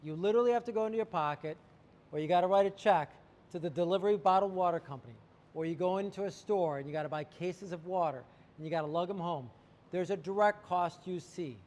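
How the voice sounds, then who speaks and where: A man's voice: high voice, fast talker, darkish tone, long reverb tail. A man talking about water treatment to camera, telling a client story animatedly and acting out the quotes. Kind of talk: sales talk to camera.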